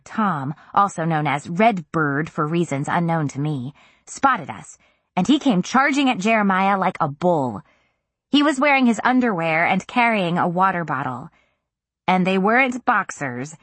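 A woman narrating a first-person novel in an intimate, even storytelling manner. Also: lowish voice, a little slow, dry recording. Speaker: audiobook narrator.

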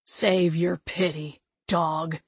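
A woman's voice: deep voice, little pitch movement, drawn-out words, husky, no echo, exaggerated voice. A woman voicing a frightened, angry young man who has just been cursed, speaking in terse, bitter bursts.

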